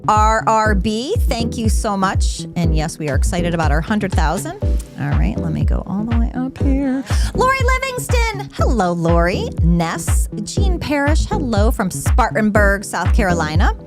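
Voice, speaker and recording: A woman co-hosting a casual live stream, greeting viewers in a cheerful, bubbly way with quick asides. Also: mid-range voice, big pitch swings, loud music behind the voice. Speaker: co-host.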